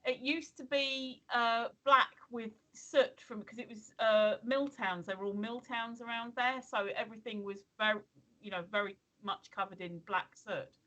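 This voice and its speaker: A woman's voice: fairly high pitch, steady tone, normal speed, pushed and bright, poor audio. A woman, co-hosting a casual livestream chat and telling rambling stories full of ums and restarts. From England. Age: 50s. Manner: chatty storyteller, lots of ums and restarts. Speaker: co-host. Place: home, streaming.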